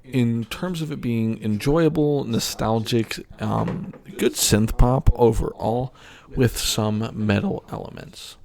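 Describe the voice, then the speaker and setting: A man's voice: medium pitch, takes it slowly, vocal fry, a little mellow. A young man co-hosting a casual podcast, tipsy and joking, swearing and laughing often as he reviews albums. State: tipsy from drinking soju. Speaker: podcast co-host.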